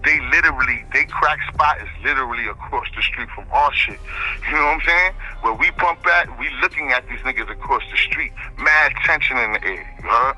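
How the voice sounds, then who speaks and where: A man tells a long street story in a very bright, forceful voice, full of slang. He rambles and keeps checking in with his listener, while faint music plays underneath. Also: medium pitch, lively intonation, brisk, low-quality recording. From the Bronx, New York. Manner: slangy, rambling, keeps asking "you know what I'm saying". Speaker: interview guest.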